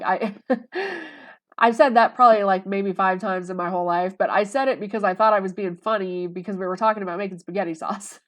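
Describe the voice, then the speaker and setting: A woman's voice: medium pitch, a bit bright. A woman talking casually to the camera in a rambling, conversational way, full of fillers. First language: English. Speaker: vlogger.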